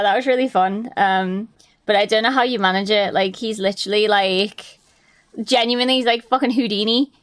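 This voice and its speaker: A woman chatting casually on a live stream, telling stories in a lively way and swearing and laughing often. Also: medium pitch, clean tone.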